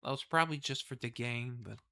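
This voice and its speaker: A man's voice: mid-range voice, fairly quick, gravelly, bright, forceful tone, smooth. A man casually reading a game's story aloud and rambling through asides and self-corrections. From the West. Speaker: game streamer reading the story.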